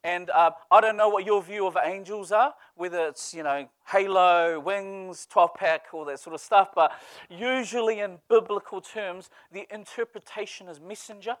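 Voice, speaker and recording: A man's voice: high-pitched, normal speed, dry recording. A man preaching a sermon, telling stories with humor. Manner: lively storytelling with humor. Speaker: pastor.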